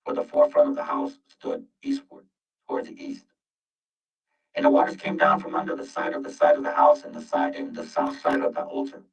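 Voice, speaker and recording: A man's voice: wildly swooping pitch, a little fast, vocal fry. A man reading Bible verses aloud and explaining them to his listeners, whom he calls family; his voice runs through an accidental robotic voice-changer filter. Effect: accidental deep robotic voice-changer filter. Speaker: Bible teacher. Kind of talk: informal scripture reading and teaching. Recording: muffled, distant, with faint music.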